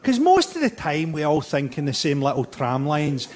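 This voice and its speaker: A man performing a stand-up routine with a deadpan, biting delivery. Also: a little high, moderate pace. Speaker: stand-up comedian. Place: theatre stage with audience. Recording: live show with loud audience laughter.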